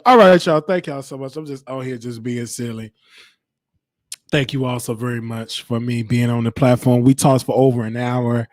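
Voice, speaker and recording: A man hosting a casual live-stream chat, animated and joking with frequent laughter, his voice worn from talking. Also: medium pitch, no echo, clean studio sound. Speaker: show host.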